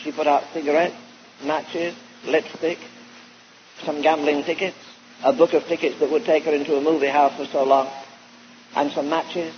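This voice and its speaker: A male preacher telling an animated, folksy story in a sermon, heard on a dull old recording. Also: a little high, normal speed, slight background noise. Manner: animated, folksy anecdotal delivery.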